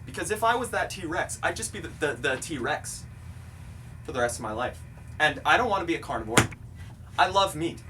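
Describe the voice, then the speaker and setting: Stammering, earnest man heard from afar. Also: on the high side. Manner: halting, earnest, stammering repeats. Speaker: interviewee in a mock documentary. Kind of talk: deadpan comedic interview. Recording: distant mic with steady ambient noise.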